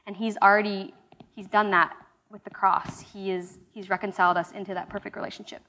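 Fairly quick and pushed, with a bright edge, this young woman's mid-range voice shows little pitch movement. As a small-group Bible study leader, she teaches casually and conversationally, with fillers and restarts.

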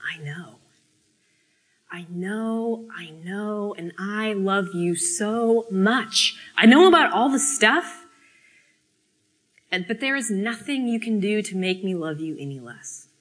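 A woman voicing a gentle, loving male Jesus who speaks in a soft, soothing way. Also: sits high, expressive, measured pace. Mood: tender.

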